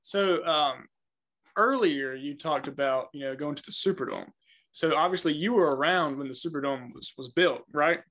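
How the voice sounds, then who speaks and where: Young man, slightly high, hesitant. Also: moderate pace, a bit bright. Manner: hesitant questions with fillers. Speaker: podcast host. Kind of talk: casual interview.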